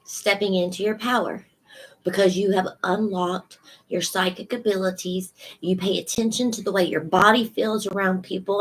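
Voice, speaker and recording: A woman's voice: medium pitch, steady tone, moderate pace, low-quality recording. A woman giving a casual tarot reading, sassy and emphatic, speaking straight to her viewers. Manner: sassy, emphatic, laughs often. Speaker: tarot reader.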